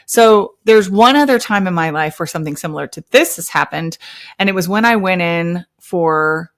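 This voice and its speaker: Animated woman host telling a story. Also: on the low side. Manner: animated, acts out quoted dialogue. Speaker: podcast host. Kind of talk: personal storytelling.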